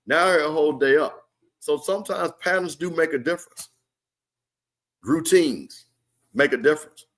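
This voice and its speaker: A man's voice: on the high side, normal speed, long pauses, a bit bright. Guy hosting a game watch party stream, chatty and slangy, talks to the chat. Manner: chatty, reads viewer comments, loose slangy talk. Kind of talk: live sports commentary chat.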